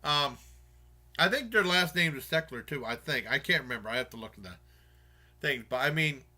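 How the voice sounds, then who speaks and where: Bright, rambling man reviewing a movie. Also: medium pitch, animated, moderate pace. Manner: rambling, many fillers and restarts. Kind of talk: casual spoken movie review.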